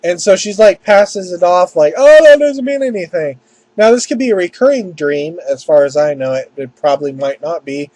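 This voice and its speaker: A man with a high voice talks through a casual anime review. He rambles and keeps restarting his sentences. The sound is dry and close, with no room echo. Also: fairly even intonation, moderate pace, hardly any pauses, a little mellow.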